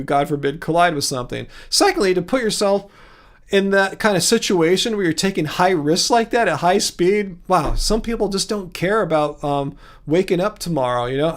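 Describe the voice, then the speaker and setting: A man with a high voice chats casually on a livestream, wandering from point to point. He is from California and laughs easily as he talks with viewers. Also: a bit bright. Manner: rambling, chatty, laughs often, digresses. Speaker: livestream host. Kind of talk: casual livestream chat reading comments.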